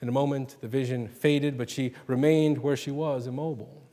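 A man reading and retelling a short story in a measured, dramatic way. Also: medium pitch, fairly even intonation, dark tone, in a large hall.

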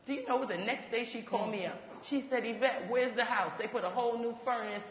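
Brisk woman ministry leader, animated testimony with laughs, heard in a big echoing hall. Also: fairly high pitch, slight background noise. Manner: animated, laughs while talking, acts out quoted voices. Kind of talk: testimony storytelling. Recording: echoey hall, dull lo-fi sound.

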